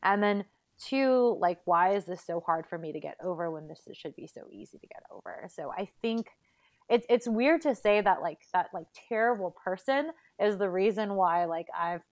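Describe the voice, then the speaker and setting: A woman's voice: mid-range voice, lively intonation, moderate pace. A young woman chatting casually as a podcast guest, pregnant and tired, talking with lots of fillers and laughter. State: pregnant, tired and a bit out of breath.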